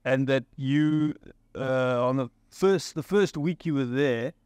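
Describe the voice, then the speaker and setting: A man's voice: mid-range voice, slow, darkish tone, clear, resonant tone, no room sound, clean studio sound. A man with a South African accent hosting a comedy talk show, asking mock-serious, wry questions. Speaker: host, comedian. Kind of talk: comic interviewing.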